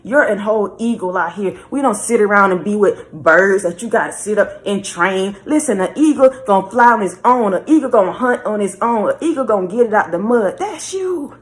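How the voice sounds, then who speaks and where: A woman's voice: mid-range voice, lively intonation, brisk, hardly any pauses. A woman giving a spiritual message reading in a repetitive, preachy way, often calling the listener baby. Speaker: spiritual reader.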